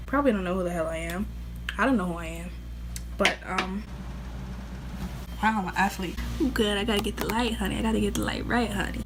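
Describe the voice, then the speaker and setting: A woman's voice: fairly high pitch, slight background noise. A young woman talking to camera in a casual vlog, blunt and exasperated, joking and laughing between points. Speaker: vlogger.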